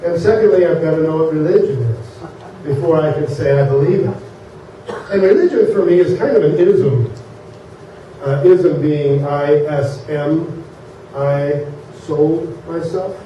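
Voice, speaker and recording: A male minister giving a sermon in a casual, joke-telling way, often pausing with fillers as he speaks. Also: a little high, slight background noise. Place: church sanctuary. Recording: echoey far-off dull sanctuary recording.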